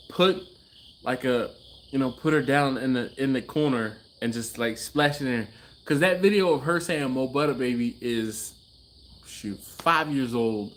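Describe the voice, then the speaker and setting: A man hosting a casual livestream from his garage, chatting loosely and reading out viewer comments with easy laughs. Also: medium pitch. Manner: laid-back, chatty, laughs often, trails off. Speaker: livestream host. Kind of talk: casual live-stream chat reading comments.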